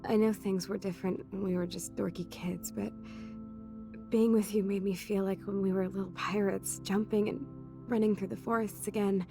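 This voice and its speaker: A woman's voice: medium pitch, level tone, normal speed, creaky, natural voice. An actress voicing a sardonic young woman in a wheelchair, talking in crude, wry banter in a game cutscene. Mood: wistful. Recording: game audio under music.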